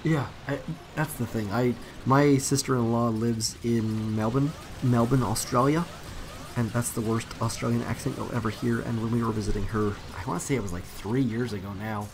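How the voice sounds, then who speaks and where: A man's voice: medium pitch, steady tone, fairly quick, hardly any pauses, background noise. A young man chatting casually on a game live stream, rambling with many fillers and restarts. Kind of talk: casual live-stream commentary while playing.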